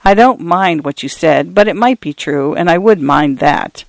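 A soft, gentle old grandfather who speaks in a reflective way, read by a man in a storybook recording. His voice stays quiet and unhurried. The sound is dry and close. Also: on the high side, animated, gravelly, no echo. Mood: wistful.

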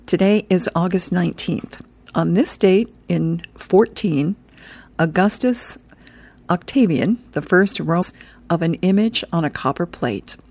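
A woman's voice: on the low side, unhurried, darkish tone. A woman radio host reading comic strips aloud in a casual way, chuckling and restarting now and then.

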